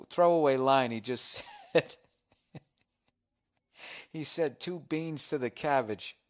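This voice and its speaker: Man, comedian, podcast host, mid-pitched voice, casual comic monologue, profane, rambling, sardonic.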